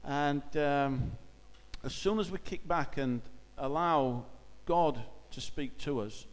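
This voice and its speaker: A man gives a church talk in a relaxed, conversational way, pausing and restarting often. His voice sits a little high for a man. The sound carries a long reverb from a church hall. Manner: conversational, hesitant, many fillers. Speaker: church speaker. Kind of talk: informal sermon talk.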